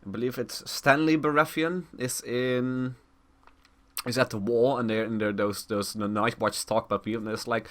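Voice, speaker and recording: A man hosting a casual gaming podcast, loose and quick to laugh. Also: mid-range voice, steady tone, fairly bright tone. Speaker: host.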